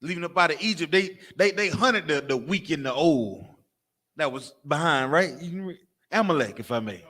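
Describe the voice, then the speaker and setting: Brief: male preacher, somewhat high voice, tense and forceful, profane and animated sermon full of rhetorical questions. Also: normal speed. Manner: animated, mimics crying and barking for laughs. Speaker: preacher of a religious camp. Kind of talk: fiery street-style sermon.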